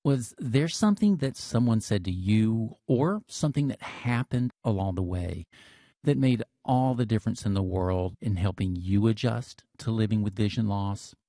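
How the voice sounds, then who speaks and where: A man hosting a podcast, reading a calm, measured scripted introduction. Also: lowish voice, dry recording, studio quality. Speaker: podcast host.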